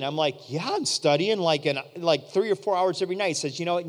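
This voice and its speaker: A man preaching a storytelling sermon, animated and acting out the voices of people in his story. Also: high-pitched, moderate pace. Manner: animated, acts out quoted voices. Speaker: pastor. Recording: long hall reverb.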